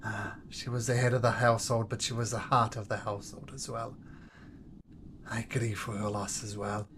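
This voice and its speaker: Gentle consoling older man, put on by a man. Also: fairly low pitch, level tone, background noise, close to an everyday voice. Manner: soft, slow and consoling.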